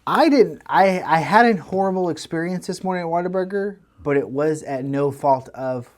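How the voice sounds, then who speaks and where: A man, co-hosting a podcast and telling a long story in a casual, animated way with lots of restarts. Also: a little high, normal speed. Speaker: podcast co-host. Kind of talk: casual chat.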